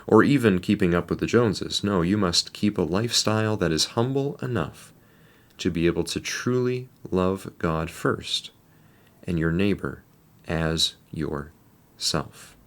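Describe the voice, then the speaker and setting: A man giving a devotional reflection, speaking in a measured, deliberate way and posing rhetorical questions. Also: low voice.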